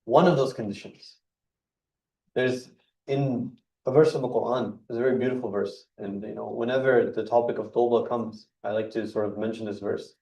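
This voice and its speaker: Man, mosque speaker, earnest explainer with a mellow tone, recorded roomy and from a distance. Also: medium pitch, steady tone, moderate pace, creaky. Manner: earnest, explains word by word with emphasis. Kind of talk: religious talk. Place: mosque hall. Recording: echoey hall, mic heard from a distance.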